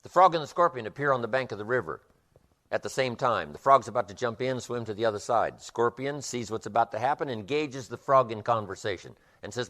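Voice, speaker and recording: A man's voice: medium pitch, expressive, a little fast, fairly bright tone. A man giving a motivational seminar lecture with an emphatic, repetitive rhythm. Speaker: motivational speaker.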